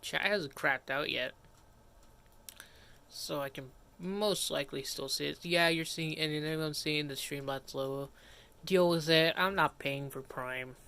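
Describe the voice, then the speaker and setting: A man's voice: fairly high pitch, steady tone, measured pace, vocal fry, pushed and bright, clean tone. A man streaming live and chatting casually as he works, rambling, breaking off mid-sentence and grumbling to himself. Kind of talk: casual livestream commentary.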